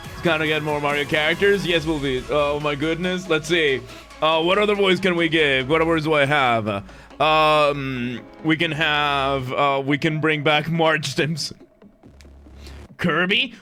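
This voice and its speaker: A man streaming a game, reading its story aloud with animated, joking remarks. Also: on the high side, takes it slowly, soft background music. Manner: animated, joking, exclaims often.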